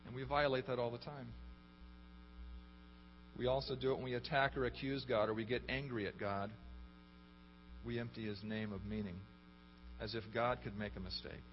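A man's voice: medium pitch, steady tone, normal speed, long pauses. A man preaching a sermon, emphatic, often asking the congregation questions. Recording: echoey hall, dull lo-fi, faint hum.

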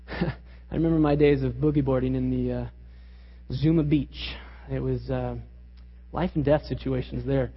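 A pastor preaching a sermon with emphatic delivery and rhetorical questions, in a church hall. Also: male voice, medium pitch, steady tone, normal speed, long pauses, breathy edge. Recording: reverberant, dull lo-fi hall recording.

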